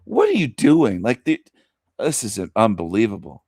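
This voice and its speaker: A man's voice: medium pitch, huge pitch swings, normal speed, gravelly, darkish tone, breathy edge, dry recording, clean studio sound. A man hosting a show, giving mocking commentary in a sneering, ranting way that repeats itself. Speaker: host.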